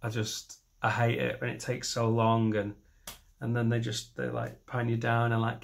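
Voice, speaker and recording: A comedian in his thirties rambles through a stand-up routine, poking fun at himself. His voice sits at an ordinary middle pitch, and he breaks into loud, high voices to act out the scenes he imagines. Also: monotone, normal speed, creaky. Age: 30s. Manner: rambling and self-mocking, jumping into shouted voices for imagined scenes. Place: comedy stage.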